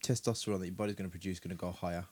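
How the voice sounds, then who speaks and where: A man's voice: low-pitched, fairly even intonation, very fast, darkish tone. A man, co-hosting a casual podcast chat and explaining things at ease, with a sore back. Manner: laid-back, explains fitness with fillers. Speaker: podcast co-host.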